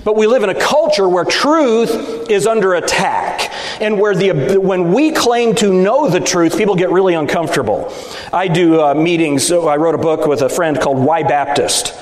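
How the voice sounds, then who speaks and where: Emphatic Baptist preacher in an echoey hall. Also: male voice, high-pitched, normal speed. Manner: emphatic, rhetorical, seeking agreement from the audience. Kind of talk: sermon at a preachers' meeting. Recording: echoey hall, speaker at times off mic.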